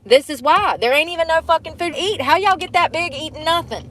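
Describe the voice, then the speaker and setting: A woman's voice: extremely high pitch, fairly quick, a bit bright. A young woman vlogging from inside a car, rambling and complaining in a blunt, heavily profane way. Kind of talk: casual rambling monologue.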